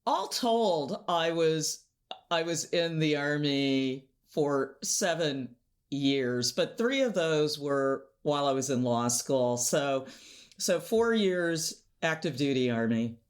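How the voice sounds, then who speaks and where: Interview guest: woman, animated storyteller, measured unhurried delivery. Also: low voice. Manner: animated storyteller, laughs often, acts out quotes.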